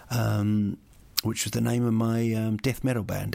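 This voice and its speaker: A man's voice: on the low side, level tone, unhurried, creaky, darkish tone, no echo. A man hosting a solo podcast, rambling through listener questions with jokey, playful asides. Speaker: podcast host. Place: lives in Sweden.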